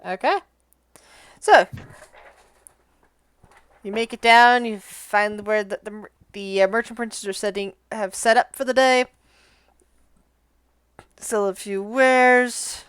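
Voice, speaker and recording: A woman narrating as game master, calmly directing the players. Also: a little high, slow, pauses often, smooth, no room sound.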